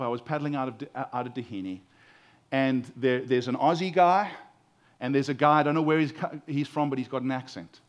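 Storytelling preacher man, fairly high voice. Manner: conversational storytelling, repeats words when starting. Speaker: pastor. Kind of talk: sermon.

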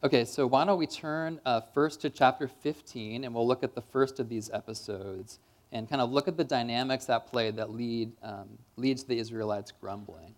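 A man's voice: mid-range voice, moderate pace. Casual-talking male preacher. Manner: casual and conversational, many fillers like "kind of" and "like". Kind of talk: sermon.

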